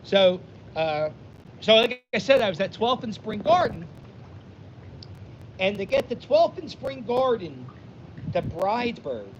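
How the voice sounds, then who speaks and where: A man, rambling self-deprecatingly through a vlog story outdoors. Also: high voice. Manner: animated, self-deprecating, rambling with many restarts. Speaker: vlogger. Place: outdoors on a windy day. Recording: dull audio with wind noise.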